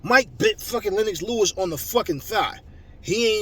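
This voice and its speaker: A man hosting a boxing channel, ranting at viewers, loud and mocking, swearing constantly. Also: sits high, expressive, normal speed, breathy edge. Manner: loud, mocking, heavy cursing. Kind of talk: profane rant to viewers. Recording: slightly distant mic with faint background noise.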